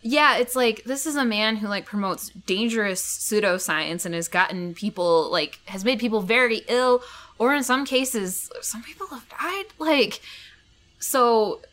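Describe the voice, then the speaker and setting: A woman's voice: a little high, a little slow, a bit bright. A woman co-hosting a podcast in casual chat, wry and sarcastic as she jokes about the news. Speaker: podcast co-host.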